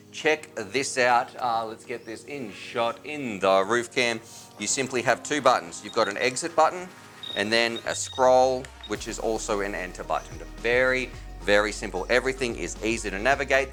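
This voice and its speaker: A man's voice: medium pitch, a bit bright. A man hosting a casual product review, chatty and enthusiastic with informal slang. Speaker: tech reviewer and channel host.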